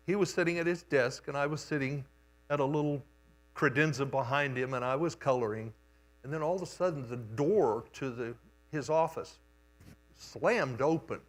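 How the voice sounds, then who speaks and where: An older man preaching a sermon in a church, telling a childhood story in an unhurried, homespun way. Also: on the high side, a bit bright. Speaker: guest preacher. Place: church sanctuary.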